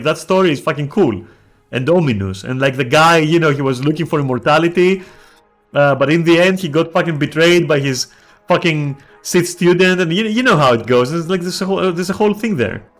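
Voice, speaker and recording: A man's voice: a little high, animated, brisk, fairly bright tone, faint music behind. A man on a game stream, ranting in casual chat, swearing a lot and restarting his sentences.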